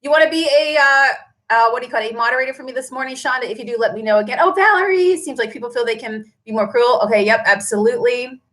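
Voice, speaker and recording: A woman's voice: on the high side, fast talker, a bit bright. A woman who runs a paint shop, chatting on a live stream, answering viewer comments and tagging her points with "right?".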